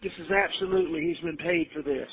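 A man's voice: fairly high pitch, fairly even intonation, fast. Middle-aged man on a tinny phone line. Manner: insistent, coaxing, fatherly advice. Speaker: father on a jail phone call. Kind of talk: recorded phone call.

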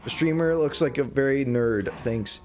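A man's voice: medium pitch, normal speed, a little mellow, faint music behind. A man chatting casually to his viewers on a live gaming stream, rambling and joking as he plays. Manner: rambling, jokey, talking to chat while playing.

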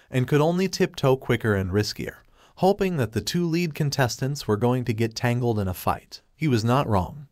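A man reads a fanfiction story aloud in a steady, even narrating voice. His pitch sits in a middle range. The sound is dry and close, with no room echo.

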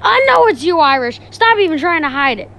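A woman's voice: fairly high pitch, brisk, heavy background noise, close to an everyday voice. A woman voicing a suspicious, protective male bird character who accuses others, fan voice acting of a game. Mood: accusing.

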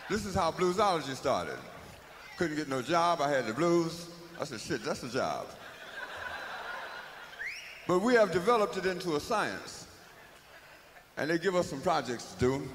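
A man performs a live spoken-word comedy monologue in a loose, rhythmic, profane storytelling manner. His voice is fairly high and swings widely in pitch. It rings through a hall, with a faint hiss behind it. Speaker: comic storyteller.

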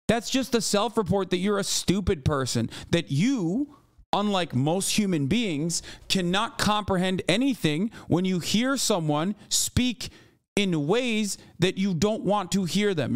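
Man, streamer, heated reaction rant, profane, sarcastic, high voice, smooth tone. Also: expressive, a little slow, no room sound, clean studio sound. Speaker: streamer reacting to a debate clip. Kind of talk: heated livestream reaction commentary.

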